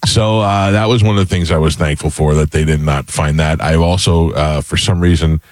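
Male radio host, very low voice, easy laugh, rambling, dry mic. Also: fairly even intonation, normal speed, no echo. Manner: laughs easily, rambling anecdotes. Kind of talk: casual talk radio chat.

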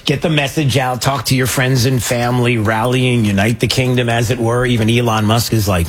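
A man's voice: mid-range voice, steady tone, fairly quick, hardly any pauses, breathy edge. A man hosting a show, talking loosely with jokes and lots of fillers. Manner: rambling, joking, many fillers. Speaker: host. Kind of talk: casual commentary.

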